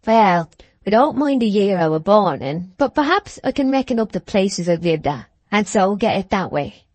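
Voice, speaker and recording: Woman reading as a slow, grumbling old maltster. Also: mid-range voice, animated, a little mellow, dry recording, close to an everyday voice. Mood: ponderous. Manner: slow, drawn-out rustic speech. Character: aged grumbling male village maltster. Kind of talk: audiobook character reading.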